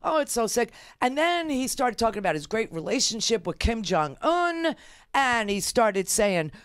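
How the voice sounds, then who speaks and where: An indignant middle-aged woman hosts a political talk show, piling on emphatic restarts and fillers. Her voice is smooth and resonant. The sound is close and dry. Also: a little high, big pitch swings, moderate pace, no room sound. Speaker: radio talk show host. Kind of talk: opinionated political commentary.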